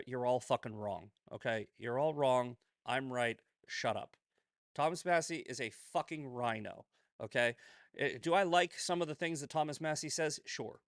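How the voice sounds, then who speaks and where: Male commentary host, foul-mouthed and combative, voice sits a bit high, dry close sound. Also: a bit bright, no room sound. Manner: profane, heated, combative; repeats "right?" and "okay?" often. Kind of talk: ranting solo commentary.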